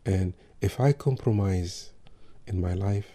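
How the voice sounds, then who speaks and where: Low, dark-voiced man giving parenting advice. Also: slow pace. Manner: calm, advisory, gives examples. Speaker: parenting speaker. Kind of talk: talk on parenting.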